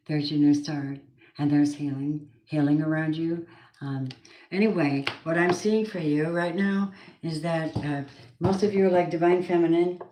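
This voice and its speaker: A woman giving a casual tarot card reading, chatty and blunt, swearing now and then. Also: low-pitched. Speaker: tarot reader. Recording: roomy echo, faint noise.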